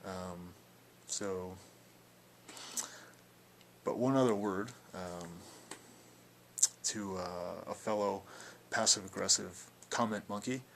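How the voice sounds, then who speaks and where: A man's voice: deep voice, slow, vocal fry, long pauses, fairly bright tone, a little hiss or hum. A young man talking casually in a video blog response, rambling and defiant, with plenty of filler words. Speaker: video blogger.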